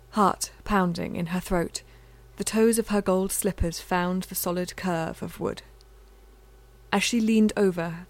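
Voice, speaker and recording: A woman reading a novel aloud in a measured, intimate way, sometimes dropping to a near-whisper. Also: on the low side, darkish tone, dry recording. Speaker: audiobook narrator. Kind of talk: scripted fiction narration.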